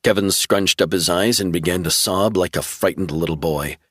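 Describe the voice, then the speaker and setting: A man's voice: deep voice, normal speed, fairly bright tone, no room sound, studio quality. A man narrating a thriller audiobook in a dramatic storytelling read. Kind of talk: scripted narration.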